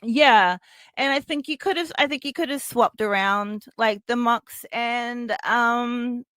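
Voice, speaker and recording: A woman's voice: fairly high pitch, slow, a bit bright, clean tone, no echo, clean studio sound. A woman hosting a podcast, chatting casually with enthusiasm and frequent interjections. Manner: enthusiastic, chimes in often. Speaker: podcast host. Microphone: podcast microphone.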